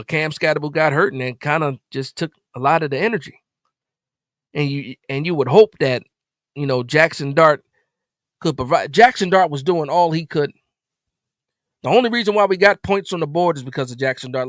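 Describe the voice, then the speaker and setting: A man's voice: fairly high pitch, a bit bright, no room sound, studio quality. A man hosting a live post-game reaction stream, upset and stammering with repeated words as he vents. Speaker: sports stream host.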